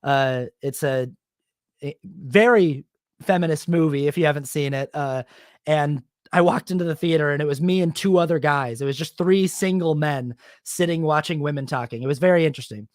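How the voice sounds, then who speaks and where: A man's voice: fairly high pitch, moderate pace, dry recording. Guy on his solo podcast owning up to a dumb moment, rambly and self-deprecating, dry close mic. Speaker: podcast host. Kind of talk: solo confessional storytelling.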